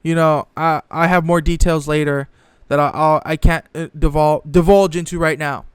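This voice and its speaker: A man's voice: on the high side, level tone, moderate pace, smooth, dry recording. A young man ranting in casual sports commentary, profane and exasperated, often mocking others in put-on voices.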